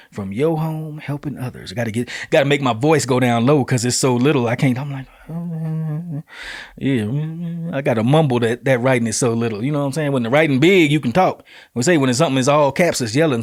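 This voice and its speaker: A man's voice: mid-range voice, dry recording. Male show host, medium voice, loose read of event flyers with jokey asides, dry close sound. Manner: laid-back, joking asides, reads flyers aloud with slips and corrections. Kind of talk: casual community-events rundown.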